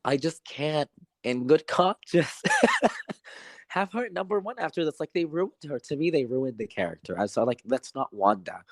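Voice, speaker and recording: During a casual movie review chat, a podcast co-host rants in a frustrated, rambling way, repeating that he doesn't know. His voice is a little high and expressive at a moderate pace, captured at studio quality with no room sound.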